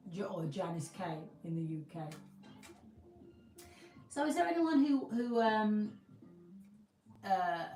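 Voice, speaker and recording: A woman's voice: on the low side, dark tone, far from the mic. A woman from the UK chatting casually with viewers on her livestream, rambling and restarting often. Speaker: livestream host. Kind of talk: casual live chat with viewers. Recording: roomy, from the mic, faint music.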